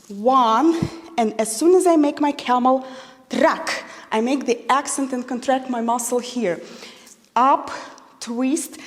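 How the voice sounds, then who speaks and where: A woman's voice: sits high, darkish tone. A woman teaching a belly dance technique, a non-native English speaker counting beats and calling moves. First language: not English. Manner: counts beats aloud, slow deliberate cueing. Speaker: dance instructor. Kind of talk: instructional dance class. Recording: long reverb in a large room.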